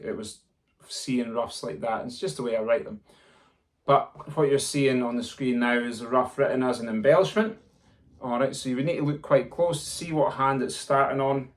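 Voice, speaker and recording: A man teaching snare drumming, counting aloud and vocalizing the rhythms. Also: mid-range voice. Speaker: drum tutor. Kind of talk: instructional lesson. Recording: loud background noise. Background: snare drum playing.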